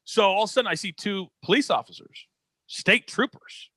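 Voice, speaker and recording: A man telling a dramatic story as an interview guest, energetic and expressive, on a close podcast mic. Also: high-pitched, normal speed, dry recording. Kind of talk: animated storytelling.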